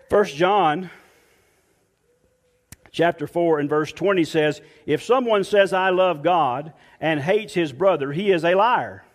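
A man, a pastor, preaching a sermon emphatically and dropping soft and low when quoting scripture. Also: in a large hall.

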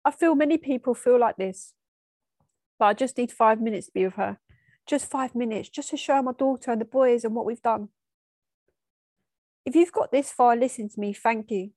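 A woman telling a painful personal memory, tearful and halting, often stopping and restarting. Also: fairly high pitch, a little mellow, dry recording, studio quality. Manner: halting, emotional storytelling with restarts. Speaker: storyteller. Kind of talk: personal spoken memoir.

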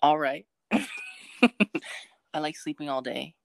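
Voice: mid-range voice, flat delivery, slow, gravelly, no echo. Laid-back joking young podcast co-host. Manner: laid-back, joking, uses slang like "banger". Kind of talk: casual podcast chat.

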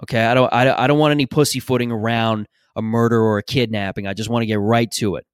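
A man's voice: medium pitch, steady tone, fast talker, clear, resonant tone, no echo, clean studio sound. A man hosting a podcast in a casual, rambling, opinionated monologue, swearing freely. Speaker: podcast host.

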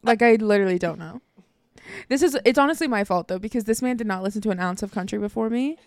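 A woman teases her co-hosts in relaxed podcast chat. Her voice is clear and smooth, recorded dry and close. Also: medium pitch, dry recording. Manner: teasing, quick-witted. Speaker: podcast co-host. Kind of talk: casual chat.

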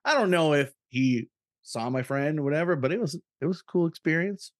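A man co-hosting a podcast, chatting casually with quick asides and swearing. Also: fairly high pitch, expressive, no room sound, clean studio sound. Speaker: podcast co-host. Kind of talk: casual chat.

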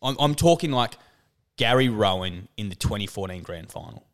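A man's voice: lowish voice, moderate pace. A young man co-hosting a podcast with a whiny, nasal voice, telling stories animatedly in casual banter. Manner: animated storytelling, says "mate". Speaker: podcast co-host.

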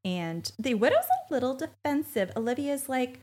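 A woman's voice: high voice, animated, normal speed, a little mellow. A woman co-hosting a podcast, recapping a TV episode in casual chat with sarcastic, swearing asides. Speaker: podcast co-host.

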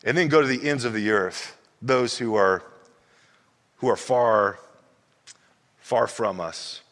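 A man's voice: medium pitch, slow pace, a bit bright, in a large hall. A man preaching a sermon as pastor, emphatic and repeating himself as he builds his points. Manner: emphatic, repeats words, acts out quoted voices.

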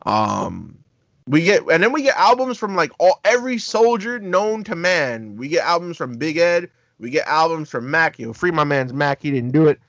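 A man's voice: on the high side, very animated, normal speed, fairly bright tone, no echo, muffled recording. Upbeat man, casual podcast talk. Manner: enthusiastic, lists at length. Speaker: podcast co-host. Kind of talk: casual chat.

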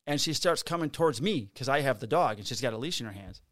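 Man, mid-pitched, dry close mic. He tells a rowdy, profane cop story. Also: fast, dry recording. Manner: profane, animated, acts out quotes. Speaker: police officer guest. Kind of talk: casual storytelling.

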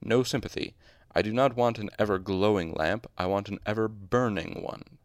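A man reading aloud, voicing a gruff, burly bearded male master craftsman who speaks bluntly and irritably. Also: mid-range voice, animated, moderate pace, dry recording, studio quality. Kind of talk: audiobook reading with voices.

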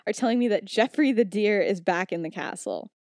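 A woman's voice: mid-range voice, expressive, fairly quick, a little mellow, dry recording, clean studio sound, lightly acted. A woman voicing a fed-up teenage girl student who scolds in an exasperated way.

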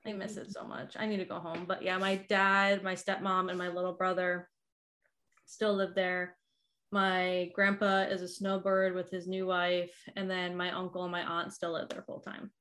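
A woman's voice: lowish voice, flat delivery, normal speed, fairly bright tone, slight background noise. A woman in her thirties from the Boston area, chatting casually and laughing often, with lots of "like" fillers. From Boston area, Massachusetts. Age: 30s. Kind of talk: casual chat.

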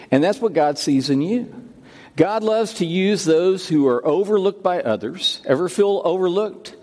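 A man's voice: on the high side, a little mellow, big-room sound. A man who is senior pastor, preaching a sermon and telling stories, often repeating his words and restarting phrases. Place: church sanctuary.

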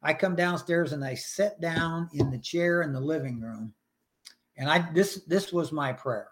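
A man's voice: fairly high pitch, a little slow. An older man sharing his personal faith story in a podcast interview, earnest and emotional, acting out his prayers.

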